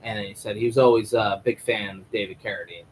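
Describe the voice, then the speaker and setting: A man's voice: fairly low pitch, a little fast, slight background noise, low-quality recording. A man recapping a TV episode live, rambling and swearing freely as he retells the plot. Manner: rambling, profane, animated. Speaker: TV show reviewer.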